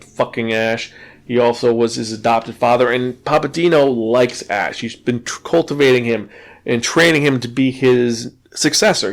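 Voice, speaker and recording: Casual man retelling a story. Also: medium pitch. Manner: animated storytelling, swearing, stumbling restarts. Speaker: podcast host and manga reviewer. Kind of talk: casual spoken review, retelling a plot.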